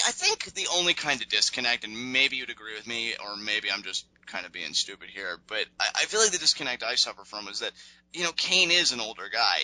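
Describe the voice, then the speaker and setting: A man with a strikingly bright voice hosts a casual podcast recap, rambling along with lots of fillers. He acts out other people's lines as he goes. The sound is dry and close. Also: mid-range voice, no echo, low-quality recording. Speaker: podcast host recapping wrestling.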